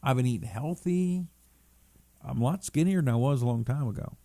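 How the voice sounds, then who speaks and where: A middle-aged man hosts a casual talk stream at a mid-range pitch, reading viewer comments aloud and wandering off into asides. His voice is captured dry and close to the mic with no room sound. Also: a little fast, warm tone, dry recording. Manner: chatty, rambling, reads comments aloud and jokes. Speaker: talk show host.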